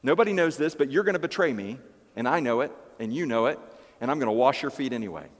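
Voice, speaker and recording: A man voicing Jesus as an earnest, gentle adult man speaking straight to his disciples in a sermon. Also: mid-range voice, lively intonation, fast, long reverb tail, natural voice. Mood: tender.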